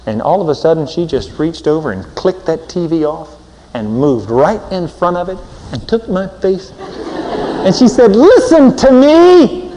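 A fairly high-voiced man delivering a lively, joking sermon, his voice swinging from loud bursts down to quiet asides. The sound carries a long hall reverb, as from a large church. He keeps an easy, conversational preaching style throughout. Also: normal speed, slight background noise. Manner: animated, humorous, swinging from loud to soft.

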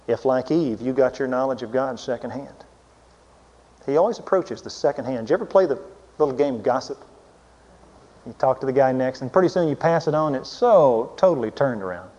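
A man preaching a sermon, swinging between loud emphatic peaks and low hushed asides. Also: long reverb tail, dull audio.

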